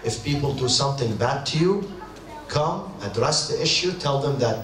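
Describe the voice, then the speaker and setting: A man's voice: medium pitch, expressive, normal speed, fairly bright tone, recorded from a distance. A middle-aged man from the Middle East, preaching a sermon on marriage. He talks emphatically and repeats his points, acting out quoted speech. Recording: echoey hall, voice from afar, faint hiss.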